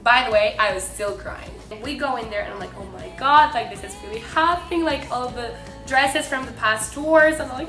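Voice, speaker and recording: Young female vlogger, gushing storyteller, higher bright tone in a roomy space. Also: a little fast. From Mexico. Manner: bubbly, breathless, lots of "like". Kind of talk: excited storytelling to camera. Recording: echoey room with faint music.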